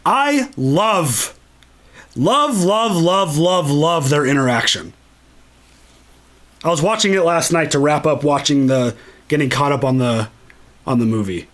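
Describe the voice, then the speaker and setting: A man's voice: on the high side, expressive, a little slow, pauses often, fairly bright tone. A man hosting a casual movie commentary, enthusiastic and freely swearing. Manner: enthusiastic and profane. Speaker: channel host.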